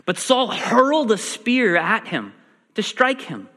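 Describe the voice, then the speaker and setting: A man preaching a sermon, animated and acting out the quoted lines. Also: high-pitched, measured pace. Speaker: pastor. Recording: long reverb in a large hall.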